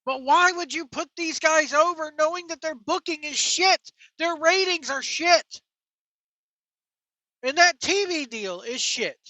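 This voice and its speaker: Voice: sits high, sharp tone, no room sound, rough recording. A wrestling vlogger delivering a sarcastic, profane rant to viewers. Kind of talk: ranting commentary to camera.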